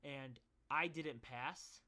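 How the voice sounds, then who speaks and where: Bright-voiced young guy rambling. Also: mid-range voice, very slow. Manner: rambling, self-deprecating joking. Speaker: vlogger. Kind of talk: casual storytelling monologue.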